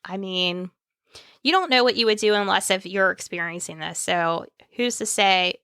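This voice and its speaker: A woman's voice: mid-range voice, moderate pace, sharp tone, smooth, no echo. A woman co-hosting a podcast, reading listener posts aloud and chatting casually. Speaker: podcast co-host.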